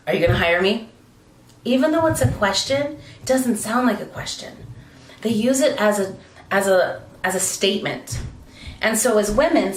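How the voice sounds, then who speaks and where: A woman teaching speaking skills, demonstrating how her pitch rises and falls as she explains. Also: a bit bright. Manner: demonstrates pitch changes, swooping between high and low tones. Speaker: speaking coach. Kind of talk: instructional talk. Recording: roomy, slightly distant mic.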